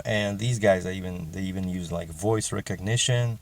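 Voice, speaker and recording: A man's voice: low voice, steady tone, moderate pace, slight background noise. A middle-aged man with a Russian accent, chatting in a casual vlog as a truck driver and rambling with many fillers and restarts.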